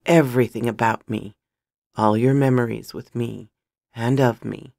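A woman's voice: a bass voice, steady tone, unhurried, gravelly, dry recording, clean studio sound, voice pushed down, heavily acted. A woman voicing a remorseful young magician. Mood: urgent. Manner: soft, apologetic, emotional. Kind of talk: storybook reading of a fantasy romance.

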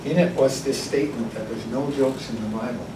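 A man's voice: mid-range voice, fairly even intonation, fairly quick. A man leading a casual church discussion, joking and laughing as he talks. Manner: jokey, laughing. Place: church hall. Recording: echoey room, far mic, background noise.

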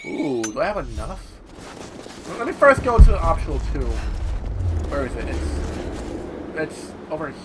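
Over game music and heavy background noise, the same kind of gameplay commentary comes from a frustrated, profane gaming channel host. Here his slightly high voice swings widely in pitch, keeping a moderate pace broken by long pauses.

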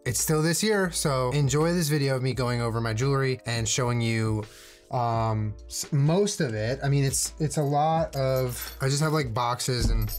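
A young man casually chatting in a vlog, rambling with jokey, self-deprecating asides as he shows off his jewelry. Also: medium pitch. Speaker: streamer showing his jewelry. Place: indoors at home, on camera.

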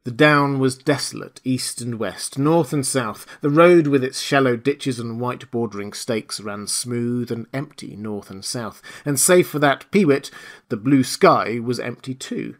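A man narrating a classic novel as an audiobook, reading in a measured, hushed way. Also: medium pitch. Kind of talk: scripted narration.

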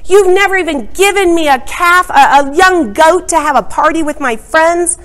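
A woman's voice: very high voice, normal speed, a bit bright, pitched above the performer's own voice. A woman voicing an aggrieved, complaining young man who is the resentful elder brother. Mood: indignant.

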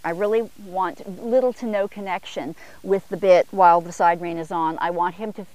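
A woman trainer talks through longeing a horse in a riding arena, mid-pitched and steady. She breaks off into short commands to the horse, lifting her tone when she asks for more speed. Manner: calls short commands to the horse, rising for upward gaits. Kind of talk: instructional demo while longeing a horse. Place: outdoor arena corner.

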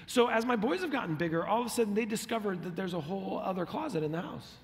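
A man's voice: high-pitched, animated, fast talker, hardly any pauses. A middle-aged man preaching a sermon as a pastor, telling stories with animation and acting out the lines he quotes. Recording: long hall reverb.

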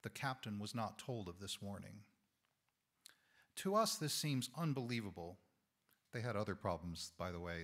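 Hoarse man, lay preacher; thoughtful, measured sermon delivery. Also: on the low side, fairly bright tone. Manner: thoughtful, measured, with small self-corrections. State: hoarse, losing his voice. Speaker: lay speaker giving a sermon. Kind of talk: reflective sermon talk. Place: church sanctuary.

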